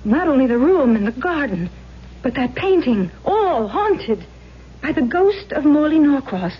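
An actress playing a curious, stubborn young tenant who questions and accuses in a 1970s radio drama. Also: female voice, high-pitched, big pitch swings, a little slow, muffled recording. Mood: probing. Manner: curious, then probing and accusing.

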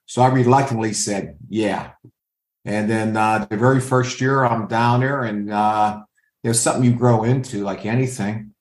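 A man's voice: fairly low pitch, fairly even intonation, normal speed. An older man working as a scout, answering interview questions with anecdotes and acting out what other people said. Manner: storyteller who acts out others' lines. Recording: roomy echo.

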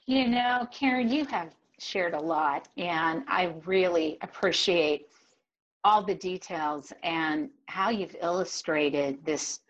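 Slow-talking woman host, distant and dull. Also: lowish voice. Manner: unhurried, appreciative, thanks the guest. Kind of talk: interview.

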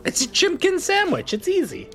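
A man running a tabletop game as game master, teasing the players as he narrates. His pitch swings very widely, with soft music running underneath. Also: huge pitch swings, moderate pace, gravelly. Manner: teasing, playful.

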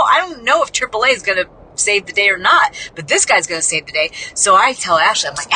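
A woman's voice: animated, fast, hardly any pauses, pushed and bright, rough recording. Midwest woman podcast host, chatty storyteller, mocks herself, does the voices, traffic noise behind her. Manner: chatty, self-mocking, acts out quotes with jumps in pitch. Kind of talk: casual storytelling.

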